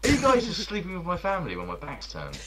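A man playing Minecraft with friends, reacting excitedly and joking in casual voice chat. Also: sits high, a crowd in the background. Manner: excitable, quick reactions, laughs. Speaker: Minecraft let's play co-host.

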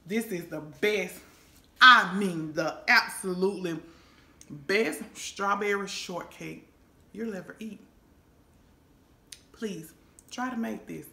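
A woman's voice: mid-range voice, slow, gravelly, pauses often, sharp tone. A woman hosting a home cooking vlog in her kitchen, folksy and exclaiming, calling her viewers honey and baby. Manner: exclaims and hums over the food. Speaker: cooking show host.

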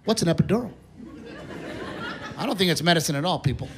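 A man with a high voice tells a story on stage, animated and playing every part himself. It is a live stage recording, with a noisy crowd laughing loudly around him. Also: fast. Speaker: stand-up comedian. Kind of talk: stand-up comedy set. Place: comedy theater stage with live audience. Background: audience laughter and applause.

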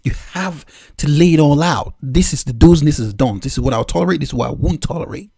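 A man's voice: a little high, fast talker, gravelly, dark tone, slightly rough, no echo, clean studio sound. A man from Nigeria hosting a reaction video, giving opinionated, lecturing commentary on a clip.

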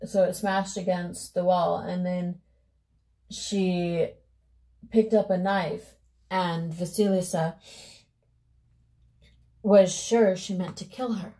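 A woman vlogger telling a fairy tale casually while doing her makeup, with loose, unhurried asides. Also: on the low side, fairly even intonation, warm tone. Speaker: beauty vlogger.

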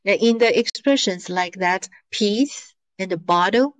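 Slow, patient woman teaching Mandarin. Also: medium pitch. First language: Mandarin Chinese. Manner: slow, patient, drills pronunciation with many fillers. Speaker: Chinese language teacher. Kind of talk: online language lesson. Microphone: screen-shared video call.

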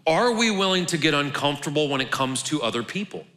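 Man, pastor, casual joking sermon, bright forceful voice, long reverb of a large church hall. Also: a little high, animated, fast. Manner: conversational, joking, restarts words.

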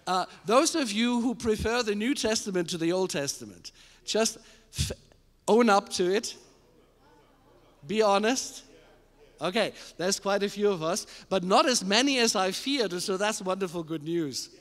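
A male pastor preaching a sermon to a live congregation, emphatic, asking the room questions and building to shouted climaxes. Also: high-pitched, expressive, unhurried. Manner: addresses the congregation directly with questions. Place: church service with a live congregation. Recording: long hall reverb in a church.

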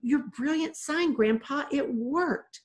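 A woman's voice: high voice, slow pace, voice pushed up. An eager young girl, as a woman reads her aloud.

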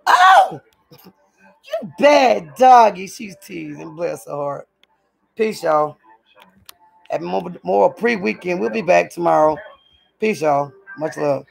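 A woman's voice: sits low, a little slow, vocal fry, long pauses, a little mellow, slightly rough, faint music behind. A woman chatting casually to her viewers from home on a hot day. She rambles from one thing to the next and keeps calling the audience y'all. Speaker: vlogger.

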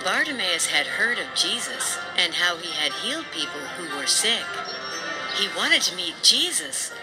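A narrator telling an animated Bible story for children in a clear storytelling manner. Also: mid-range voice, unhurried, rough recording. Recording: played video with loud music.

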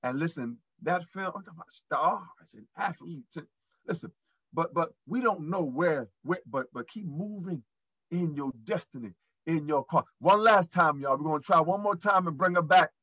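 Speaking at a normal speed in a fairly bright, somewhat high voice, a man hosts a live motivational show. He preaches and repeats his encouragement, addressing the crowd as "y'all." The low-quality recording has no echo.

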